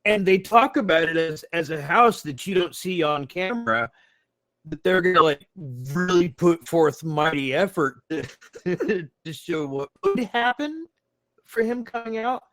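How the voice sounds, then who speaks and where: A man co-hosting a podcast, chatting in an animated way, often laughing and swearing casually while recapping episodes. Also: high voice, measured pace. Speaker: podcast co-host. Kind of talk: casual chat.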